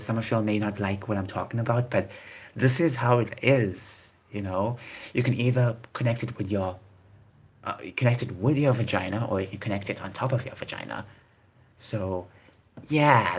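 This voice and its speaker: Male vlogger, slightly low voice, rambling casual commentary, repeats himself. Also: slightly rough. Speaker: video host. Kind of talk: casual commentary reading online posts.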